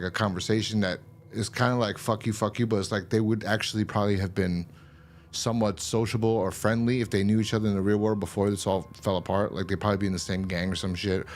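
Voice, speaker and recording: A man hosting a show, casually recapping a TV episode in a loose, rambling way, full of fillers and swearing. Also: lowish voice. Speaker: show host reviewing a TV episode.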